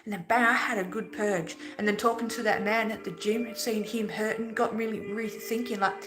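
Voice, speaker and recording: A woman's voice: mid-range voice, fairly even intonation, moderate pace, over music, poor audio. A woman giving an earnest, preachy spiritual talk in a casual way, swearing now and then. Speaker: spiritual vlogger.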